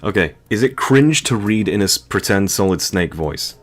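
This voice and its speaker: Deep-voiced guy, joking game commentary. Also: animated, moderate pace, faint music behind. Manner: joking, crude and rambling. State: dry, sore throat. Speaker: game streamer. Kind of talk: casual let's-play commentary.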